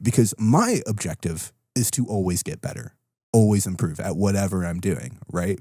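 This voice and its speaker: A man co-hosts a casual podcast, venting in a swearing, laughing rant. His voice sits low, and the recording is dry with no room echo. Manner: animated, swearing, ranting with a laugh. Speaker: podcast co-host.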